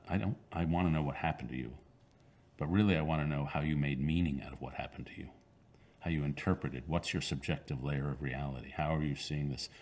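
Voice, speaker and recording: A man in his sixties with an extremely low, rumbling voice speaks in an interview. He answers thoughtfully, pausing and restarting his sentences as he works through his ideas. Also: a little mellow. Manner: thoughtful, halting, with frequent fillers and restarts. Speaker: author being interviewed.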